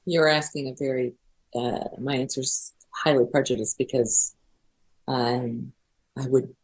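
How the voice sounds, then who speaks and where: Low husky-voiced middle-aged woman guest. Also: fairly even intonation, unhurried. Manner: emotional, earnest, tearful at times. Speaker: podcast guest. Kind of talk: interview conversation.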